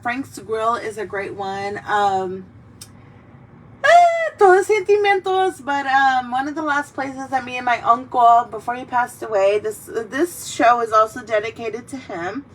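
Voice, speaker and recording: A woman's voice: on the high side, a bit bright. A young woman hosting a casual drinking chat, rambling, swearing freely and heartfelt. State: tearful in places. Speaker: host. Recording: mic a bit distant, faint background noise.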